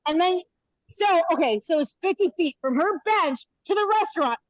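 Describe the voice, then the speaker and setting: A woman in her fifties telling an animated comic story in a live virtual stand-up set over a video call. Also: very high-pitched, normal speed, poor audio. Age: 50s. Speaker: stand-up comedian. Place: hotel room. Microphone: laptop webcam on a video call.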